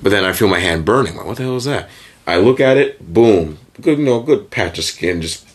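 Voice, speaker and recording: A young man co-hosting a podcast in casual banter, clowning around, loud and animated, swearing freely. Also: fairly low pitch, brisk, breathy edge. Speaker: podcast co-host.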